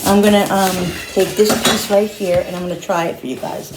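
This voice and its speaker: A woman's voice: mid-range voice, steady tone, a little fast, background noise. A woman hosting a casual home cooking vlog, chatting to viewers as she tastes her food in her kitchen. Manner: chatty, talks to viewers while eating. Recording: echoey kitchen with clattering dishes.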